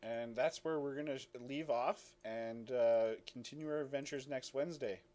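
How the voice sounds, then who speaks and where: A man's voice: medium pitch, moderate pace, a little mellow. Casual, rambling male game master. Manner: casual, many fillers and self-corrections. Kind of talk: running a tabletop game.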